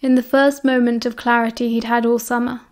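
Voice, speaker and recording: Lady reading a fanfic audiobook, kinda high voice, very even and flat. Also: brisk. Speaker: audiobook narrator. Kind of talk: fan-fiction audiobook narration.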